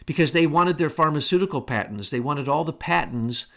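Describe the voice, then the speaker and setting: A man's voice: fairly high pitch, expressive, fairly quick, gravelly, a bit bright. Indignant man ranting on a talk show. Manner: emphatic, indignant, rhetorical questions. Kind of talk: conspiracy talk monologue.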